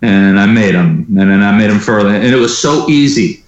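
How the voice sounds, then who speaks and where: A man's voice: lowish voice, moderate pace, muffled recording. Storytelling man in a roomy echo. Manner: animated storyteller who acts out quoted dialogue. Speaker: interview guest, entrepreneur. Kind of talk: storytelling in a conversational interview.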